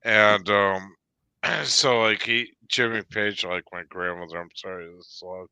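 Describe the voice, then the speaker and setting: A man's voice: fairly low pitch, measured pace, sharp tone, clean tone, dry recording. A man telling a long rambling story in casual chat on a live stream, full of fillers and restarts.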